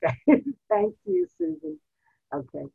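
A woman hosting an online class over a video call, introducing speakers with halting, repeated words. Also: very high-pitched, wildly swooping pitch, creaky. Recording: tinny phone-like video call audio.

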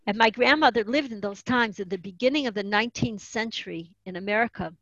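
A woman's voice: mid-range voice, fast, a bit bright, dry recording. A woman giving an earnest religious lesson, explaining Hebrew terms and telling stories. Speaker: teacher of Jewish tradition. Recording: dull, muffled dry recording.

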